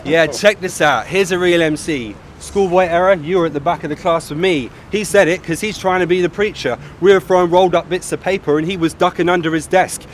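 A man's voice: high-pitched, brisk, few pauses, a little hiss or hum. A man from Ipswich, England, with a cold, rapping aggressive, boastful insults in an outdoor street battle. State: has a cold. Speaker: battle rapper. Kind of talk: rap battle verses.

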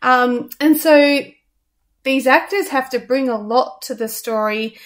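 A woman co-hosting a radio show, reviewing a stage musical in a casual, halting way with many ums. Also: sits high. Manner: hesitant, many ums and restarts.

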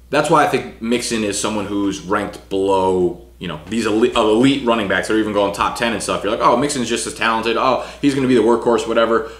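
In an echoey room, a young man with a lowish, slightly bright voice talks through fantasy football rankings. His delivery is quick and casual, peppered with "you know" and "right."

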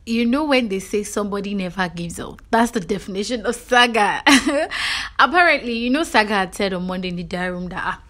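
A Nigerian-accented woman talks straight to her viewers in a gossipy recap. She tells it with lively energy and keeps asking if they follow her. Her pitch sits in a middle range. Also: a little fast. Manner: animated storytelling, frequent "you know" and "do you understand". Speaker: reality show recap vlogger.

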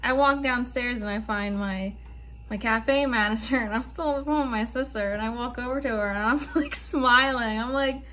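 Bright high-voiced young woman vlogger. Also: normal speed, slight background noise. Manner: chatty, swearing, nervous laughter between lines. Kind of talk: casual storytime vlog.

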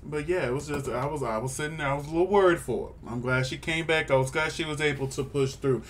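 A man co-hosting a casual review chat, answering calmly and warmly backing up his friend. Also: fairly high pitch, quick pace, a little hiss or hum. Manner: supportive, steady, affirming. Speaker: co-host of a reality show review podcast.

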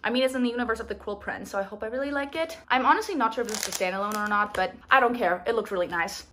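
A woman's voice: fairly high pitch, rapid-fire, sharp tone, a little hiss or hum. A young woman talking in a chatty, bubbly way, narrating her day as a book vlogger. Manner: chatty, bubbly, playful asides. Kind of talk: casual vlog narration.

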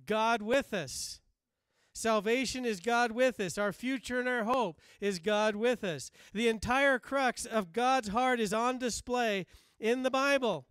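A man preaching a sermon as pastor, with slow emphatic repetition and passages that drop soft and low. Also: clear, resonant tone, dry recording.

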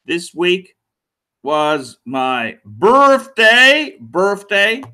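A man in his forties rambles through a casual livestream, repeating himself and cursing in jest. His voice sits high and bright, and he talks slowly, dwelling on each phrase. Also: big pitch swings. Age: 40s. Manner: reads out donor messages. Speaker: livestream host.

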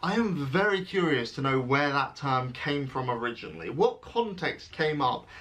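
Young British male vlogger, twenties, bright forceful tone, playful and self-mocking with mock-dramatic pauses. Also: medium pitch, big pitch swings. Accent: British English. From England. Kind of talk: casual vlog, reading quiz questions aloud.

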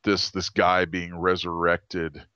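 A man's voice: sits low, monotone, slow, sharp tone, smooth, no room sound, lo-fi sound. A man designer telling stories in a casual interview, rambling with restarts and acted-out quotes.

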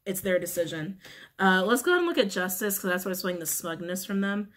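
A woman's voice: mid-range voice, animated, fast, a bit bright. Blunt, exasperated woman reading tarot. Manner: blunt, frank and exasperated, cursing freely; repeats key phrases, with frequent throat clearing. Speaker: tarot reader.

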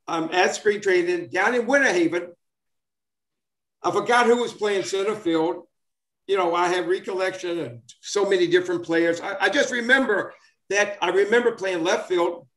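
Man, 70s, casual storytelling, high voice, rambling, fillers, echoey room. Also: moderate pace, a bit bright. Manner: rambling, many fillers and restarts. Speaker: former baseball player, guest. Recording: roomy echo.

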